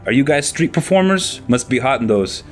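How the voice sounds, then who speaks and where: A man's voice: mid-range voice, lively intonation, brisk, soft background music, pitched above the performer's own voice, close to an everyday voice. A man voicing a friendly male street hot dog vendor who chats easily with passers-by.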